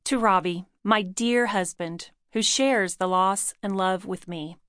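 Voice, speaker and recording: A woman's voice: medium pitch, measured pace, fairly bright tone, no room sound, studio quality. A woman reading her own book aloud in an earnest, personal storytelling manner. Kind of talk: audiobook narration.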